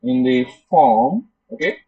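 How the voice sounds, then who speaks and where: In a muffled, lo-fi recording of a live coding class, the instructor thinks aloud while debugging and talks with students. He has a husky, medium-pitched voice, animated yet slow-paced.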